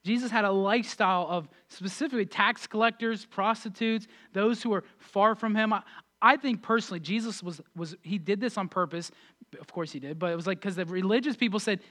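A man preaching a sermon as pastor, energetic and animated, swinging between loud excited passages and quiet asides. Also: high-pitched.

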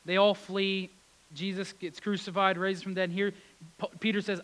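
High-voiced man preaching with emphasis. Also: flat delivery, moderate pace, poor audio. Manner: emphatic, repeats key words, swings between loud and hushed. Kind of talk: sermon.

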